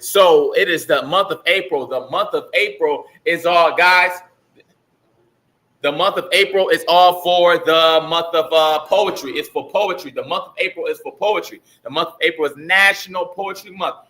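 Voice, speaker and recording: A man giving the morning announcements at a school assembly, energetic and repeating his points with call-and-response. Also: fairly high pitch.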